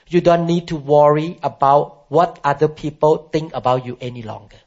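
A man's voice: on the high side, moderate pace, few pauses, darkish tone. A man who moved to the country as an adult, preaching a sermon emphatically and asking the congregation questions. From immigrant to the country where he preaches. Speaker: pastor. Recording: muffled lo-fi sound.

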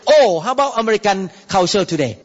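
A man preaching a sermon as pastor, animated and exclaiming, often breaking into laughter. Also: very high voice, a little slow, a faint crowd. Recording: reverberant, dull lo-fi hall recording.

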